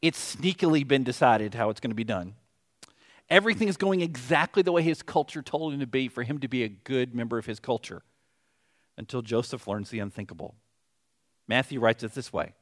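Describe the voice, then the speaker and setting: A middle-aged man with a Southern accent preaching a sermon, telling a story in an animated way with joking asides. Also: medium pitch, fairly quick. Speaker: pastor.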